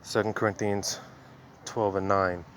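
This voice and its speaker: A man's voice: lowish voice, little pitch movement, unhurried, a bit bright, slight background noise. A man preaching casually outdoors while walking, a little out of breath, in a loose conversational way full of fillers.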